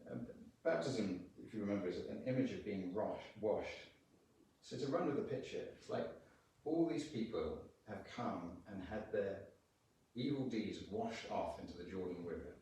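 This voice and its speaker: A man giving an earnest lunchtime sermon in a church, slowing down to stress quoted lines. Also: on the low side, animated, dark tone, distant mic, a little hiss or hum. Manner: earnest, with slow emphatic quotations and pauses. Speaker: preacher. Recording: very echoey church from off-mic.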